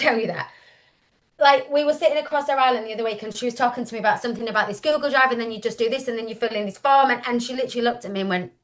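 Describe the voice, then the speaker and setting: A woman leading a team training session over a video call, talking in an energetic, chatty way with lots of "literally" and "like". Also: a little high. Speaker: sales team leader. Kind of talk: motivational team training talk.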